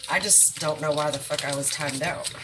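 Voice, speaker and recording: A woman's voice: low-pitched, steady tone, normal speed, noisy background. A woman chatting bluntly and profanely on a livestream while putting groceries away in her kitchen. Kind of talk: casual livestream chat. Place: home kitchen.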